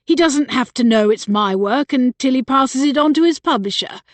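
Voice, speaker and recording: A woman's voice: sits high, lively intonation, moderate pace, dry recording, voice pushed up. A woman narrator voicing a bitter, agitated young man who raises his voice and insists on getting his way. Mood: insistent. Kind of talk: audiobook character voice.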